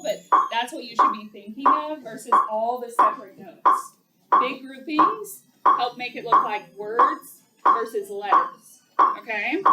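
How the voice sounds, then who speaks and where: Woman teacher counting off violinists. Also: a little high. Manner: counts off and gives quick practical instructions. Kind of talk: coaching a violin sectional. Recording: echoey rehearsal room. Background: violins playing.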